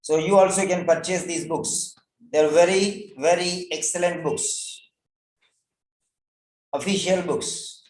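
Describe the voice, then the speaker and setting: A man with a high voice gives an English exam lesson at an unhurried pace. He leans on key words and says them again and again. The sound echoes around the room. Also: fairly even intonation. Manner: emphatic, repeats key words slowly. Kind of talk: online class lecture.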